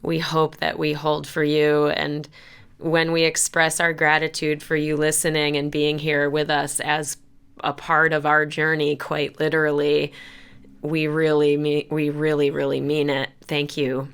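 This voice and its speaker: A woman with a low voice speaks slowly in a casual podcast chat. Her tone is bright and crisp, and her manner is warm-hearted. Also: completely flat delivery. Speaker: podcast co-host.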